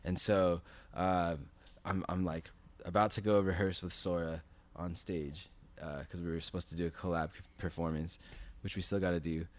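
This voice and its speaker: A man's voice: moderate pace, few pauses. A man in his thirties, a podcast guest, telling a story casually and acting out the quoted lines with sudden leaps in his voice. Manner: animated, acts out quotes with big jumps in pitch.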